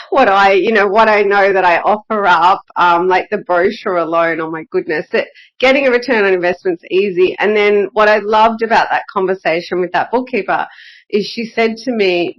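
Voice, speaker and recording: A woman's voice: medium pitch, moderate pace. Chatty woman podcast host, slightly dull audio. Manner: chatty, encouraging, frequent "okay?" and "yeah?" tags. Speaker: podcast host and bookkeeping coach. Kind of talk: casual solo podcast talk.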